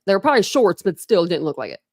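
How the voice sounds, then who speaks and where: A woman's voice: fairly low pitch, big pitch swings, fast, darkish tone, no room sound, clean studio sound. A woman hosting a true crime commentary stream, chatting in a rambling, teasing way. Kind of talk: casual reaction commentary.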